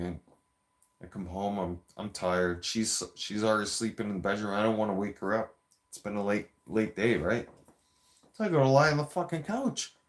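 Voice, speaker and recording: A man telling a story in a heated, profane, rambling rant with frequent restarts, a few beers in. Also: lowish voice. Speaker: vlogger.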